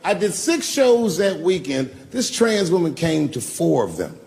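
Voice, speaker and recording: Gravelly-voiced profane stand-up comedian. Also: male voice, a little high, very animated, a little slow, darkish tone, slight background noise. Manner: profane, loose conversational delivery. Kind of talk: live stand-up storytelling.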